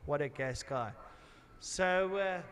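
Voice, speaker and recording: A man doing live trackside commentary at an outdoor race circuit. He rambles and jokes, then switches to loud announcing for the grid. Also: a little high, takes it slowly.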